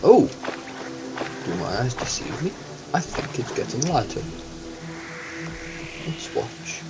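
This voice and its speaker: In a rough recording with game music behind him, a man with a mid-range voice gives slow let's-play commentary. The gaming channel host is excitable, letting out yelps and exclamations as the game unfolds.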